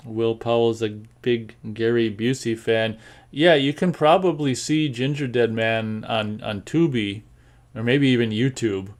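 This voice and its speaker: A man with a General American accent hosts a casual live show, reading chat comments and rambling with lots of fillers and repeated words. His voice is medium-pitched and steady, and his pace is measured.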